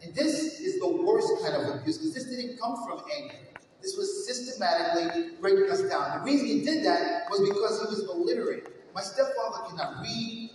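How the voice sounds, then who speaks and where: A man from New York delivering an energetic motivational keynote speech, telling his life story and addressing the audience directly. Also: high-pitched. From New York, USA. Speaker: keynote speaker. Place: large hall with stage. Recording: echoey hall, far from mic, faint noise.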